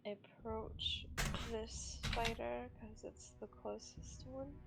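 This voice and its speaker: A woman playing in a live tabletop role-play session speaks in a slightly high, gravelly voice. She takes her time and hesitates, padding her turns with fillers. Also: fairly even intonation, slow, over loud music, poor audio. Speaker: player.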